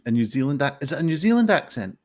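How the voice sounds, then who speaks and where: Running a pun contest live on a video call, this host talks fast and very animatedly, rambling with many fillers in casual livestream style. His voice is medium-pitched with a darkish tone.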